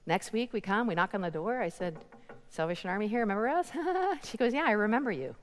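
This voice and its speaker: A woman preaching a sermon, telling a story with animated quoted voices and laughter between lines. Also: mid-range voice, quick pace, in a large hall.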